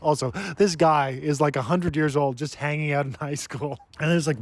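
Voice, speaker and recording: A man's voice: fairly high pitch, steady tone, moderate pace, hardly any pauses, no room sound. A young man giving a casual, sarcastic comedic book review, often laughing at his own jokes. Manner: sarcastic, mocking, frequent laughter.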